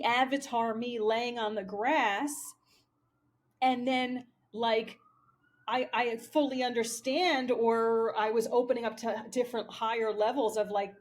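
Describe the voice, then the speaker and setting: Here's a woman's voice pitched a little high, with a slightly mellow quality. The speaker, a spiritual vlogger based in Pennsylvania, wanders through a loose monologue, cursing frequently and relying on lots of "like" and "um."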